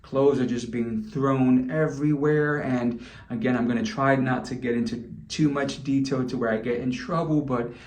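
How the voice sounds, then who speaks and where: A man's voice: mid-range voice, fairly even intonation, moderate pace, darkish tone. A man vlogging, telling a candid story to camera in a loose, chatty way. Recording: roomy echo.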